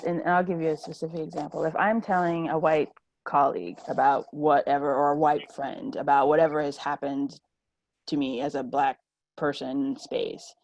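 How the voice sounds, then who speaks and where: A woman's voice: low voice, no room sound, low-quality recording. A woman speaking as a panelist in a roundtable discussion over a video call, earnest and acting out the voices she quotes.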